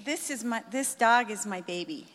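A woman's voice: a little high, moderate pace, a bit bright, big-room sound. A woman earnestly sharing an emotional church testimony. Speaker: guest giving testimony.

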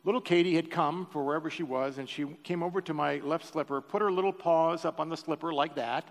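A man's voice: on the high side, a little fast. An older man preaching a sermon, telling a personal story with emotion and joking with the congregation. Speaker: pastor. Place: church sanctuary. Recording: reverberant church hall.

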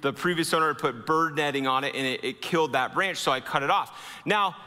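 A man preaching a sermon as pastor. He speaks earnestly, slowing down and dropping low to stress key lines. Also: bright, forceful tone, long reverb tail.

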